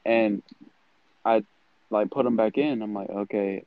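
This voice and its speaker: A man's voice: fairly low pitch, a little slow, no echo. A man telling a rambling, joking story in a casual group chat, full of slang. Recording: slightly dull lo-fi sound.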